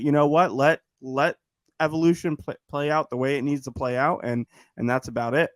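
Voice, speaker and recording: A man talking casually as a podcast guest, animated and rambling with lots of restarts. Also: fairly high pitch, brisk, no room sound. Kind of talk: casual chat.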